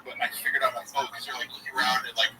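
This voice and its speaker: A young man calling in and telling a story in casual chat, animated and full of filler words. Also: mid-range voice, racing. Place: online voice chat. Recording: distant mic with music behind.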